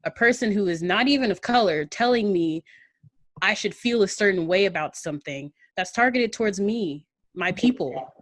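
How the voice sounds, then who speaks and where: A woman's voice: medium pitch, expressive, moderate pace. A slightly tipsy woman telling a story in casual podcast chat, loose and laughing, with plenty of ums and swearing. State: a little tipsy. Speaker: podcast co-host.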